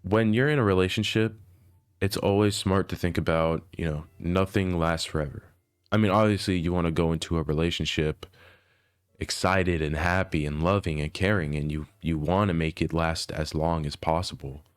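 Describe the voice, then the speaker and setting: A young man reading a personal diary entry aloud and then reflecting on it, in a soft, earnest, hesitant way that often trails off quietly. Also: sits low, fairly even intonation, moderate pace, clear, resonant tone, no echo. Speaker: vlogger. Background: faint instrumental music.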